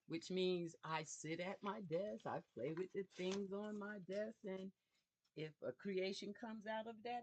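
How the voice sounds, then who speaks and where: A woman hosting a casual craft livestream from her home craft room, talking slowly and reflectively to viewers. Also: medium pitch, fairly even intonation, dull audio, a little hiss or hum. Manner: slow, warm, reflective talk to viewers. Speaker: YouTube craft livestream host. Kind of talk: casual live vlog chat.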